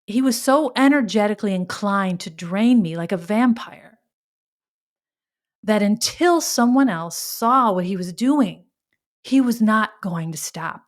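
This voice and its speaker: A woman hosting a podcast, telling a personal story in a reflective, halting way, with sighs and restarts. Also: medium pitch. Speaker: podcast host.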